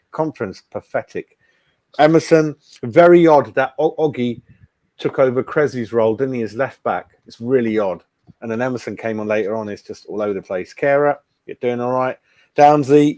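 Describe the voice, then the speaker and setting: A man's voice: lowish voice, darkish tone, no room sound. Casual male host, blunt rambling chat, dry close mic. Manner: blunt, chatty, keeps saying mate. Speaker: fan channel host. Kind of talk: casual live-stream chat.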